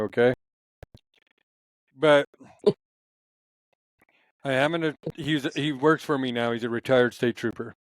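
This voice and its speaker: A man's voice: mid-range voice, smooth, no room sound, low-quality recording. A man in casual conversation, telling stories in a rambling, passionate way, with many restarts. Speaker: podcast guest.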